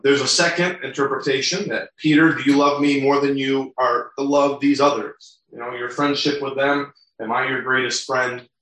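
A male pastor reads scripture aloud and explains it verse by verse in his sermon. His voice is medium-pitched, bright, and forceful, captured from a distant mic in a very echoey room.

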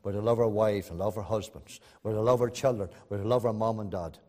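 Dramatic preacher in a reverberant hall. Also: male voice, lowish voice, fast talker. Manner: swings between loud emphatic bursts and soft hushed asides. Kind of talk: sermon.

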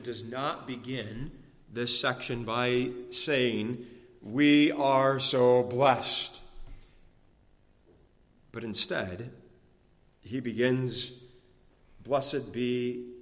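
A man preaching a sermon to his congregation, measured and emphatic, slowing down to stress key phrases. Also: medium pitch. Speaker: pastor. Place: church sanctuary. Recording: long reverb of a church hall.

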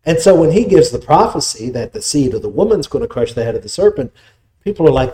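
Mellow-voiced man preaching. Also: on the high side, big pitch swings, fast talker. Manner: explanatory, conversational preaching with restarts. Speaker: pastor. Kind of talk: sermon.

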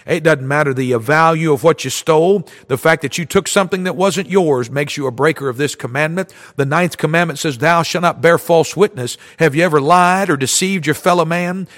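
Man, preacher, fervent sermon, frequent amens, slightly high voice, long reverb. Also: a bit bright.

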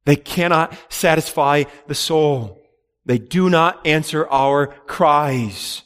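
A man's voice: on the high side, slow pace, a bit bright, long reverb tail. A man preaching a sermon in an earnest, emphatic way, with repeated phrases and rhetorical questions. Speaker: pastor.

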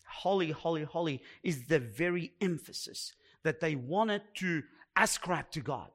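Man, pastor preaching, slow deliberate delivery, bright tone. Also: fairly high pitch, animated. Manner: emphatic preaching, repeats words for weight. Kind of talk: sermon.

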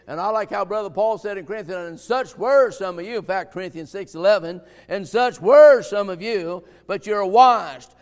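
A man preaching a sermon in a folksy, emphatic way, dropping to quiet asides and rising to shouted points. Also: high-pitched, vocal fry, big-room sound.

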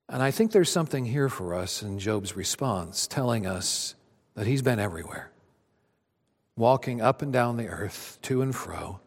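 A man preaching a sermon with animated delivery, acting out voices of the figures he tells about. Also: mid-range voice, normal speed, long reverb tail. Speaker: pastor.

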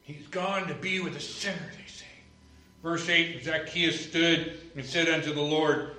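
A man preaching a sermon, telling stories and moving between hushed moments and loud exclamations. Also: fairly high pitch, steady tone, unhurried. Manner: storytelling, swings from hushed to exclaiming. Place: church sanctuary. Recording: echoey church from a distance.

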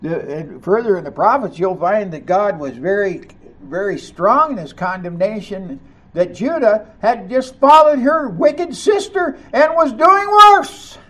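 Male preacher, sermon, high voice, very lively pitch, unhurried delivery. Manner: expressive, rising to loud emphasis on key lines; reads scripture aloud and comments between passages.

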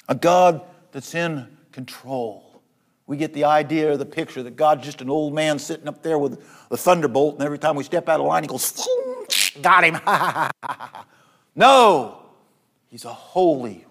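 A man preaching a sermon, rising to loud, high repetitions and dropping to soft, low passages, often restarting his phrases. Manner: repeats words and restarts phrases.

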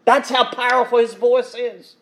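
A man preaching a sermon with emphatic passion, swinging between loud declarations and hushed asides. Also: very high voice, monotone, normal speed, a little hiss or hum.

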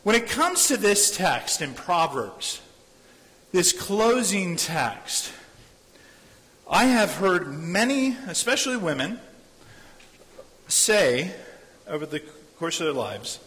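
A man's voice: sits high, sing-song, takes it slowly, pauses often, a bit bright. A man preaching a sermon as a pastor. He speaks earnestly, repeats his phrases and acts out the voices of people he quotes. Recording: long hall reverb.

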